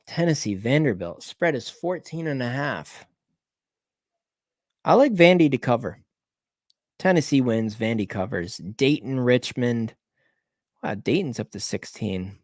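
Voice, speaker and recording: A man hosting a live betting picks stream, thinking aloud, repeating team names, correcting himself, swinging between low mutters and excited bursts. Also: unhurried, long pauses, no echo, studio quality. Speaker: sports betting show host.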